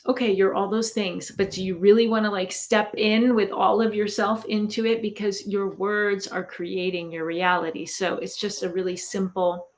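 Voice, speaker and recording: A woman guest on a podcast interview, speaking in an earnest, encouraging coaching tone. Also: on the low side. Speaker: guest, author and intuitive coach. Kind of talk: casual conversational interview.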